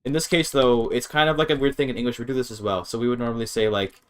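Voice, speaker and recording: A man's voice: mid-range voice, steady tone, quick pace. A young man livestreaming and explaining grammar in a casual, rambling way, often correcting himself and swearing when a demonstration goes wrong. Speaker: streamer.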